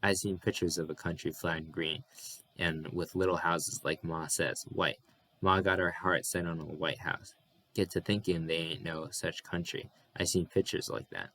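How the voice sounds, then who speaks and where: Brief: a restless, rough-talking young farmhand, read by a man in a deep voice. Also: little pitch movement, normal speed, a bit bright, no room sound. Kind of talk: audiobook character reading.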